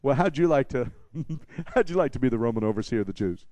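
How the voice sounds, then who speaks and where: A man preaching an expository sermon, animated and repeating phrases for emphasis, with wry humorous asides to the congregation. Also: mid-range voice, brisk, dry recording. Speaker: pastor.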